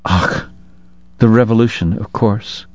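A man's voice: fairly low pitch, steady tone, measured pace, dry recording, lightly acted. A man voicing a courtly, modest priest who was once a minor prince, speaking politely and measuredly. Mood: courteous. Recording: dull lo-fi dry recording.

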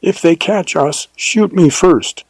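A man's voice: a little high, takes it slowly, dark tone, no echo, pitched above the performer's own voice. A man voicing a spirited, brave young woman who talks breathlessly as she flees on horseback. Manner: breathless, eager.

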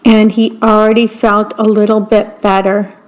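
A woman's voice: medium pitch, flat delivery, poor audio. A woman reading children's picture books aloud, patiently describing each picture as she goes. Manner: slow, plain and patient, pointing out the pictures. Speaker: story reader.

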